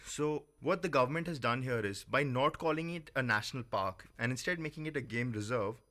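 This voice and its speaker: A man's voice: mid-range voice, fairly quick, bright, forceful tone. A man from India, a studio guest on community radio, explaining a topic thoughtfully with occasional fillers.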